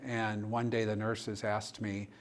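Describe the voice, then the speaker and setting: Lively male pastor telling a story. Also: on the low side, slow pace. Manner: animated storyteller who acts out quoted dialogue. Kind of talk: storytelling in a church discussion. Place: church.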